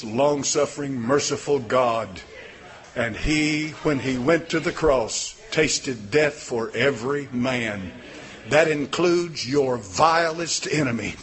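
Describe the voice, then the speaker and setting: An older man preaching a sermon in a folksy, plain-spoken way, rising from quiet talk to shouted fervor. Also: on the high side, slight background noise. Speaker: pastor.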